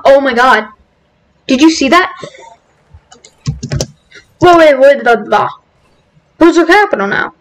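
Excitable woman for let's-play commentary, high voice, unhurried delivery, breaks into cheers. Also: poor audio. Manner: excitable, bursts into cheers and shouts. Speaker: gaming video host.

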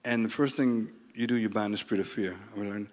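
A middle-aged man with a fairly low voice tells his testimony earnestly, pausing and searching for words. His voice carries long reverb through a large meeting hall. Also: steady tone. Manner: halting, earnest testimony with fillers. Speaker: guest flight attendant. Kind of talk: testimony on stage.

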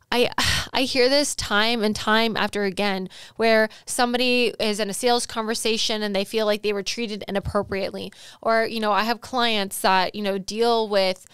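A woman's voice: medium pitch, fairly bright tone, smooth, dry recording, studio quality. A woman hosting her own podcast, telling a personal story in an earnest, emotional way, full of fillers and repeated words. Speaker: podcast host and sales coach.

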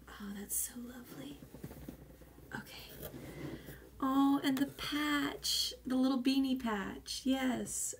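A woman unboxing gifts in an unhurried, drawn-out way. Her voice carries a gravelly vocal fry, and she gushes effusively, pausing often on little fillers. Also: mid-range voice. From United States. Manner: gushing and effusive, with hesitant fillers. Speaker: vlogger. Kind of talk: casual unboxing chat.

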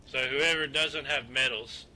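A man talks over a headset in an online game's voice chat, exasperated and pleading with his teammates. His voice is very bright and cutting, set at a middling pitch. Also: steady tone, measured pace, slight background noise, rough recording. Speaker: streamer. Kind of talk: gaming voice chat.

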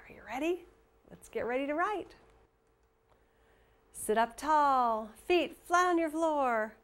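Woman teacher, children's reading lesson, clear, expressive, slightly high voice. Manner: warm, expressive, slow and clear for young children.

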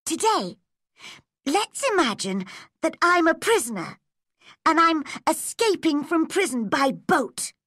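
Storybook girl, high and bright, put on by a woman reader, proud, dramatic. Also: big pitch swings, slow, no room sound, studio quality, exaggerated voice. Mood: playful.

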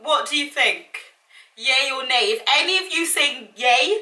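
A woman's voice: high-pitched, lively intonation, a little slow, bright, forceful tone. A young woman in her twenties, chatting casually in a dramatic, self-mocking, exasperated way while trying on clothes at home. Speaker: vlogger. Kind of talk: casual try-on haul chat. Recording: echoey room, mic at a distance.

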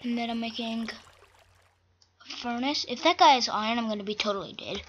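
A woman's voice: a little high, moderate pace. A woman hosting a gaming video, chatting casually as she plays and breaking into flustered, panicked outbursts. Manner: chatty, easily flustered, bursts into panicked shouts. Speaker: gaming channel host. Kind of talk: casual game commentary. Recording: dull lo-fi mic with faint noise.

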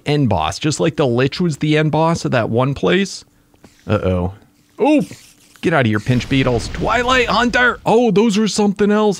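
Excitable male gamer, slightly high voice, dry recording. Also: no echo. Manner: excitable, exclaims at creatures. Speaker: let's play gamer. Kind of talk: casual gaming commentary.

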